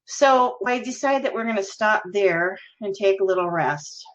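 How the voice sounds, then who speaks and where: A woman's voice: mid-range voice, expressive, normal speed, fairly bright tone. A woman hosting a podcast, telling a story in a casual, giggly, chatty way. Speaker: podcast host. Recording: lo-fi recording.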